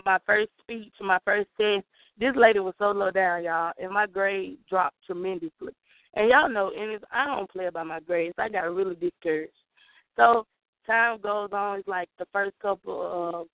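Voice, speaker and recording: A woman's voice: mid-range voice, dry recording. Southern young woman on a phone line. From Southern United States. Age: young adult. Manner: emphatic, preacherly, talks straight to listeners. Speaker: caller. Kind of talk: spoken testimony on a call-in show. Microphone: phone call. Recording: tinny phone line, dry.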